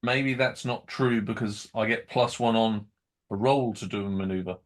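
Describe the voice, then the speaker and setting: A man's voice: fairly low pitch, fairly even intonation. A man playing a tabletop game, speaking hesitantly with many fillers as he works out the rules. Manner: hesitant, deliberate. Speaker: player. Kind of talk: casual play chat.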